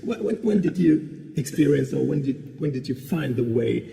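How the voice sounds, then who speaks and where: A man whose first language is German, interviewing a singer in English with halting questions that repeat words. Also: mid-range voice, expressive, gravelly, mellow. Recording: long reverb.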